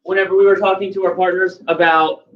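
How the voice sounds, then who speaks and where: A woman's voice: fairly low pitch, little pitch movement, fast, dull audio. A woman teacher leading young children through a lesson, patiently prompting and repeating her questions. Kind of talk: classroom instruction to young children.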